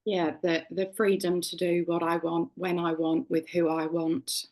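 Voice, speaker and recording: A woman taking part in an online workshop, answering in a hesitant, halting way. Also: lowish voice, level tone, a little mellow. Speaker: workshop participant.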